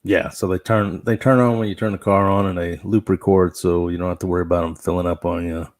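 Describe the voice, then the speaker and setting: A man's voice: sits low, fairly even intonation, fast talker. A man who runs his own dash cam show, chatting casually and explaining gear step by step in a matter-of-fact way. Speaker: fellow dash cam channel host. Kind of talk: casual chat.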